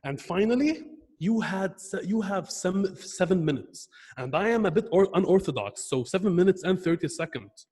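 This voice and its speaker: A young man evaluating a club member's speech on a video call, earnest and halting, often restarting his words. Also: high-pitched, expressive, darkish tone, husky, long reverb tail.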